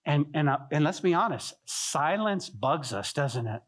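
A man preaching a sermon as pastor, telling stories with lively acted-out voices and dropping to a soft hush on key points. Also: fairly high pitch, a little slow. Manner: animated storytelling, acting out biblical figures in voices; drops to soft, quiet delivery on key points.

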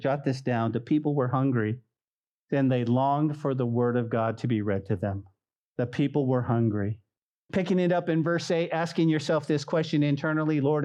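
Guy pastor preaching sunday sermon, kinda high voice, keeps repeating stuff and calling out to the church. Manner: animated, repeats phrases, calls out to congregation.

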